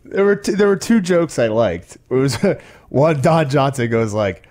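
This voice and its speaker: A man's voice: mid-range voice, expressive, moderate pace, darkish tone. A man co-hosting a podcast, talking in a laid-back, chuckling way. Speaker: podcast co-host. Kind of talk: casual chat.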